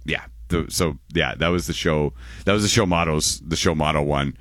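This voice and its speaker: A man's voice: a bass voice, moderate pace, a bit bright, no echo, clean studio sound. A man in his forties, hosting a radio show in casual, rambling chat and often correcting himself.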